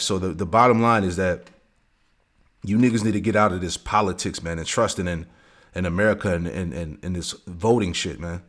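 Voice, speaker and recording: Male religious teacher, low voice, slow verse reading, casual asides. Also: fairly bright tone. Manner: reads verses slowly, peppers talk with "man" and "all right". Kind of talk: scripture lesson.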